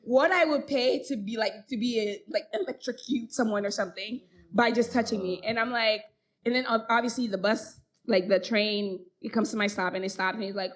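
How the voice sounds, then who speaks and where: A woman's voice: fairly high pitch, fairly quick. A young woman, co-hosting a podcast and telling a story in casual chat, laughing often and acting out what others said. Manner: animated, laughs often, acts out others' lines. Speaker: podcast co-host.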